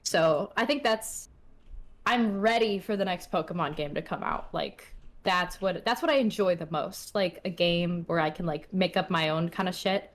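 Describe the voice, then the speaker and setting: A woman's voice: fairly low pitch, moderate pace. A young adult woman chatting casually as an interview guest, full of filler words and self-deprecating asides. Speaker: guest, streamer.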